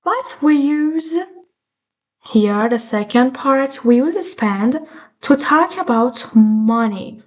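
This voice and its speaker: Slow, patient woman teaching English. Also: sits high, animated. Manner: patient, explains slowly with repeated examples. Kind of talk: online grammar lesson.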